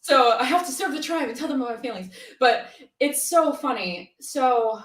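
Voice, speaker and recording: An animated, candid woman speaks as an interview guest and laughs easily. She sits some way off the mic, and the room lends her voice a roomy echo. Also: sits high, normal speed, distant mic. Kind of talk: casual interview conversation.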